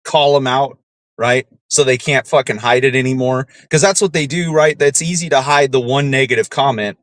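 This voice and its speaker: A man's voice: mid-range voice, normal speed, a bit bright, dry recording. A man hosting a podcast, ranting heatedly and swearing often, tagging his points with "right?". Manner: heated, swears a lot, keeps asking "right?". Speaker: podcast host. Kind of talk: casual profane rant.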